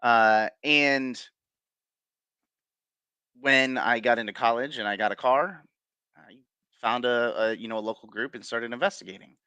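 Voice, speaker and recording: A man on an interview show tells his stories in a loose, rambling way, full of ums and restarts, and chuckles along as he goes. His voice is bright and forceful, and the recording is dry and close. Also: medium pitch, measured pace, pauses often, clean tone, no echo, muffled recording. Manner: rambling, many fillers and restarts, chuckles while telling. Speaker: guest paranormal investigator. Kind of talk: casual storytelling interview.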